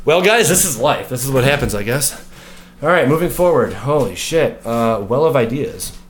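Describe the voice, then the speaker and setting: Male vlog host, home setup, animated ranter, lively pitch, swears a lot. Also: moderate pace. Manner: animated, swears freely, breaks off into joking rants. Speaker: card game video host. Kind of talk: casual card review vlog.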